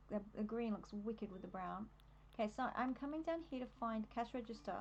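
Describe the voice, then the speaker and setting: A woman's voice: medium pitch, a little mellow, dull audio, a little hiss or hum. A young adult woman with an Australian accent, chatting casually on a live stream while decorating in a game, easily distracted and laughing often.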